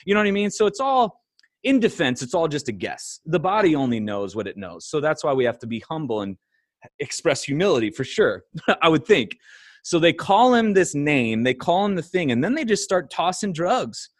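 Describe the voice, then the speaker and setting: A middle-aged man, a podcast guest, telling stories in a casual conversation, animated and laughing often. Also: fairly high pitch, normal speed, no room sound, studio quality.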